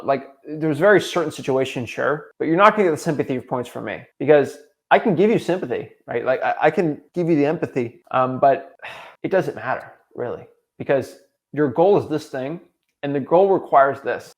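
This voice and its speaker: A man's voice: medium pitch, expressive, normal speed. A young man coaching real estate wholesalers, delivering an emphatic, repetitive motivational talk.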